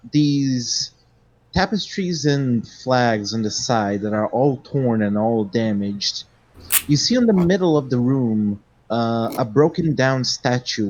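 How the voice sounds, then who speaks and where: A man's voice: medium pitch, a little mellow, dull audio. A man narrating a tabletop game as game master, describing scenes with fillers.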